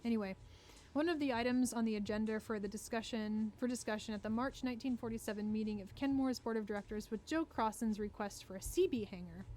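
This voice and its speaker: This woman reads a historical passage aloud and stops to fix her own mistakes. Her voice sits fairly high. She reads at an unhurried, careful pace. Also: warm tone. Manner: reads haltingly, correcting herself. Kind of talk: reading aloud from a book.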